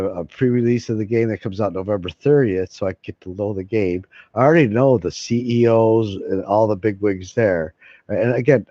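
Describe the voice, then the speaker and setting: Low-voiced guy rambling at his viewers, swears a lot, dry lo-fi sound. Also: dark tone, no room sound. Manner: rambling, swears freely, laughs between lines. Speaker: vlogger. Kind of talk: rambling casual monologue to viewers. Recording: dull lo-fi sound.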